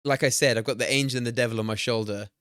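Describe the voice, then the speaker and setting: A man in his twenties streaming casually, excitable, swearing and chatting to his viewers. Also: mid-range voice, rapid-fire, no echo, clean studio sound. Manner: excitable, swears and laughs often, talks to chat. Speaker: streamer hosting a watch party. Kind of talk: casual live-stream chat while playing a guessing game.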